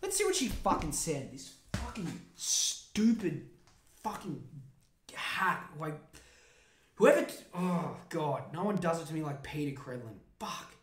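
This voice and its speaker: A man's voice: a little high, sing-song, a little slow. A podcast host man ranting comedically, swearing constantly in a mocking tone. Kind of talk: profane comedic rant. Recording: roomy echo.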